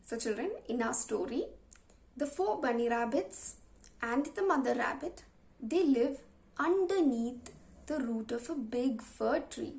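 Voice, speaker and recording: A woman teacher slowly and patiently explaining a story to young children, asking them questions. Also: on the high side, lively intonation, gravelly, a little mellow. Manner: slow, patient, asks the class questions.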